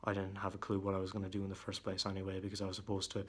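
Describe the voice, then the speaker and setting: Deep-voiced young man, hesitant and flat. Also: slightly rough. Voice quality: deep voice that cracks at times. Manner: hesitant, halting, with many fillers and restarts; irritated, venting. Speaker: vlogger. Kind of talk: casual monologue. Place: room at home.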